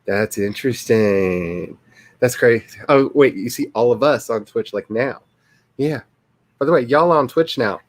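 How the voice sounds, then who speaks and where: A man's voice: mid-range voice, measured pace, no echo. A man, chatting casually and rambling on a livestream. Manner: rambling and chatty, laughing often. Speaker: author and streamer.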